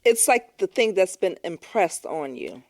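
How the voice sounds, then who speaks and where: Brief: a low, expressive woman as podcast co-host, recorded dry. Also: unhurried, no room sound. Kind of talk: casual chat.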